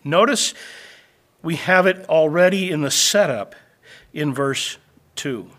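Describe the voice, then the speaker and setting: A male preacher teaching through scripture in a sermon, his voice sitting a little high for a man. He builds to loud, stressed phrases, then drops to quiet, low asides. He slows right down to stress the points that matter. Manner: swings between loud emphatic lines and quiet low asides.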